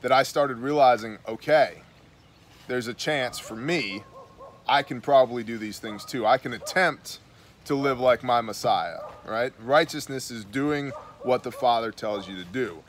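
New guy reading bible verses then riffing on them, blunt and chatty, middle pitch. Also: a little slow. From New York. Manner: conversational, reads scripture aloud then comments with blunt asides. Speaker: host. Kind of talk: casual Bible study talk.

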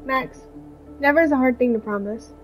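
Woman reading as a teasing, sardonic girlfriend; high, plain delivery. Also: moderate pace, soft background music, lightly acted, rough recording. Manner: reading text messages aloud, teasing.

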